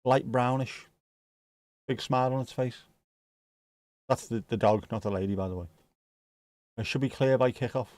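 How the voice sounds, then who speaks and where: A man's voice: mid-range voice, normal speed, long pauses, a little mellow, dry recording. A man hosting a football watch-along stream, chatting casually and joking as he reads viewer comments.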